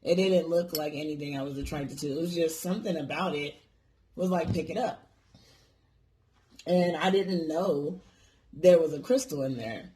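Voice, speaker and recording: A man's voice: fairly high pitch, moderate pace, dark tone, slight background noise. Rambling, profane storytelling man. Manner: rambling, profane, lots of fillers. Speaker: vlogger telling a personal story. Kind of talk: casual storytelling.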